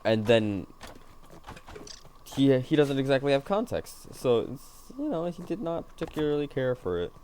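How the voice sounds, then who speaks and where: A man's voice: medium pitch, big pitch swings, moderate pace, warm tone, a little hiss or hum. Rambling, joking male game streamer. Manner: rambling, joking and self-mocking, talking to himself. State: yawning, tired. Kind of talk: casual gaming stream chatter.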